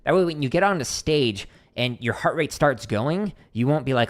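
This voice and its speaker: A man from Arizona teaching drumming on a casual livestream, talking in a relaxed, rambling way with lots of fillers. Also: mid-range voice, moderate pace, hardly any pauses. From Arizona, USA. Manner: relaxed, chatty, many fillers, counts strokes aloud. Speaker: drum teacher streaming Q&A.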